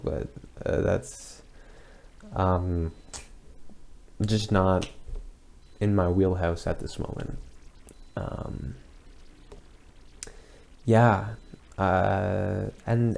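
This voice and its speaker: A young man talking casually as he reacts to his own old video, hesitant and rambling, with lots of pauses and restarts. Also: deep voice, gravelly, a little mellow. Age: young adult.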